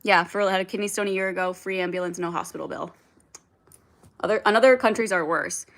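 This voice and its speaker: A young woman chats on a livestream in a bright, sharp voice. She rambles loosely, leans on "like" constantly and swears freely as she answers comments from her viewers. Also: mid-range voice, fast. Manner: rambling, heavy filler "like", frequent swearing, reads and answers chat. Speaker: livestream host. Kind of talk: casual livestream chat.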